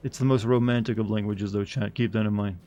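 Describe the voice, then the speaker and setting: A man's voice: on the low side, steady tone, fast talker, dark tone, lo-fi sound. A man streaming a video game live, rambling casually, chuckling, and fumbling as he tries out pronunciations.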